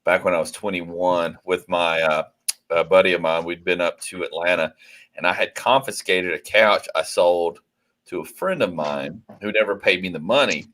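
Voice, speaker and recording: Forties guy from georgia telling a wild story on a podcast, gets loud and excited. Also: normal speed. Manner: animated, swearing, rising pitch as story builds. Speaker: podcast co-host. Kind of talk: casual storytelling.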